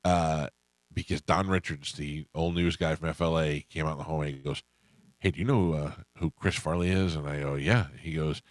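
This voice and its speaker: A middle-aged male radio host with a very low voice rattles off stories at a quick clip, acting out what people said. The sound is dry and close, with no room around him. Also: dry recording. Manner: storytelling, animated quoting of others. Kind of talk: casual chat.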